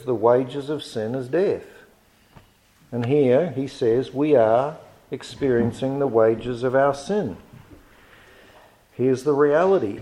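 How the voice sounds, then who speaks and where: A man preaches a sermon at a measured, earnest pace. His voice sits at an ordinary middle pitch and climbs when he presses a point home. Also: darkish tone, low-quality recording.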